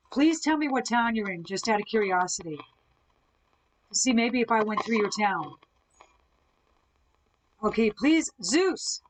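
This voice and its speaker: A woman with a highish voice leads a ghost hunt on a live stream, asking spirits questions through a spirit box and answering what viewers post. Her setup is device-heavy, and the recording is rough.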